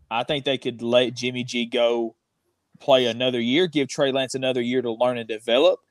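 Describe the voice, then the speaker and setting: A man's voice: mid-range voice, no echo. A man, co-hosting a casual sports chat, joking and laughing often. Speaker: podcast co-host.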